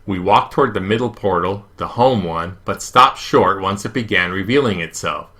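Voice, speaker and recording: Bright-voiced man narrating a storybook. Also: deep voice, normal speed. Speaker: audiobook reader. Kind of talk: first-person storybook narration.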